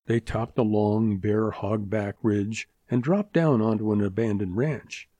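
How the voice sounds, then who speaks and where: A man reading a western novel as an audiobook, in steady, measured narration. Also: lowish voice, no echo.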